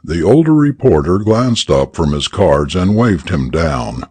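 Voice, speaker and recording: A man narrating a story for English learners in an expressive, deliberate reading. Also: low-pitched, slightly rough, dry recording.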